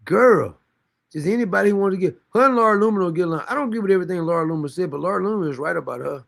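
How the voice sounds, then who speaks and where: A man's voice: sits high, lively intonation, very fast, gravelly. A man hosting a commentary stream, reacting to news clips in a sarcastic, mocking, slangy way. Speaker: commentary host.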